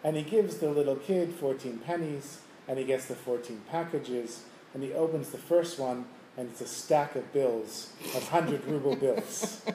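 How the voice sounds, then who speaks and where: A man's voice: medium pitch, a little slow, a little hiss or hum. Man telling a Hasidic tale in class. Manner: lively storytelling, chuckles. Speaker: Torah teacher. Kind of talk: storytelling Torah class. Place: room with listeners. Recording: roomy room, faint ambience.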